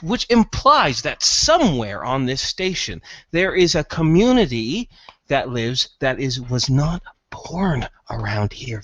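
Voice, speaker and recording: Guy playing a rambly nervous hacker dude, stammers a lot, pitch jumps all over, dry sound. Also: fairly bright tone, no room sound, lightly acted.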